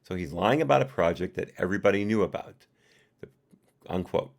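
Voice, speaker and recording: A man's voice: low voice, animated, a little fast, vocal fry. A man doing a live reading of a report, reading the punctuation aloud and adding his own asides. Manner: reads punctuation aloud and adds personal asides. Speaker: reader and commentator.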